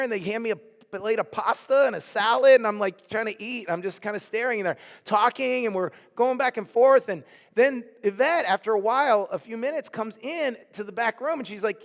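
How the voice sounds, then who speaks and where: High-voiced man telling a sermon story. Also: a little fast, long reverb tail. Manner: animated storytelling, acting out quoted voices. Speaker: pastor. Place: church sanctuary.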